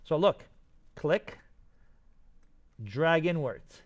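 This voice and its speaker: A man walks his class through a software tutorial as he records his screen. His voice sits a little high, and he keeps up a running, excited commentary on each step. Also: extremely slow, lo-fi sound. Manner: enthusiastic, talks to students while clicking through steps. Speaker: teacher.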